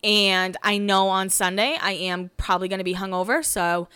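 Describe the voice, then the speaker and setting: A woman's voice: medium pitch, flat delivery, moderate pace, bright, forceful tone, smooth, no echo. A young woman hosting a podcast, casually recapping a reality show in a gossipy, chatty way, swearing freely and acting out what people said.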